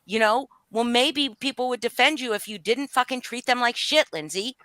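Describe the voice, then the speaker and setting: Woman, fired-up livestream confrontation, profane and heated, bright voice, dry close sound. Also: a little high, normal speed, no room sound. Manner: angry, profane, voice rising and falling. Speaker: livestream guest speaking out. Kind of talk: emotional live-stream confrontation.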